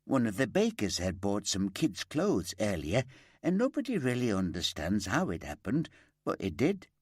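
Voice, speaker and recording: A man's voice: fairly low pitch, huge pitch swings, normal speed, husky, no room sound, studio quality, exaggerated voice. A man voicing a chatty middle-aged woman shop worker who rambles and gossips. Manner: gossipy, rambling, eager to help. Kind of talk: audiobook character voice.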